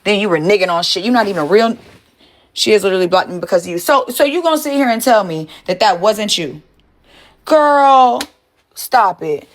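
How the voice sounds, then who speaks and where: A woman's voice: medium pitch, expressive, fast, roomy sound, poor audio. A woman livestreaming, ranting at her chat in a profane, confrontational way and repeating herself. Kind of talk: heated live-stream rant to chat.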